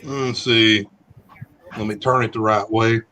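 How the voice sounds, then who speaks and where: A man's voice: lowish voice, fairly even intonation, a little slow, background noise. A man in his fifties with a mild, shifting Southern US accent, chatting in an easygoing, rambling way as a truck driver guest on a live stream. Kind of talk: casual live-stream chat.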